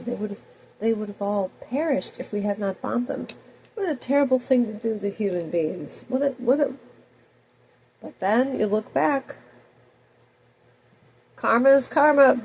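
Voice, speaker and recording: A woman in her fifties with a cold, talking in a rambling personal monologue that swings between loud outbursts and soft mutters. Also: medium pitch, gravelly, slight background noise, low-quality recording. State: has a cold. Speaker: video blogger.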